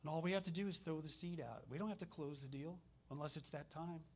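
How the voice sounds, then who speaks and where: A man's voice: a little high, fast talker. Chatty man preaching. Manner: conversational storytelling, animated retellings. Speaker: minister. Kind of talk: sermon with personal stories.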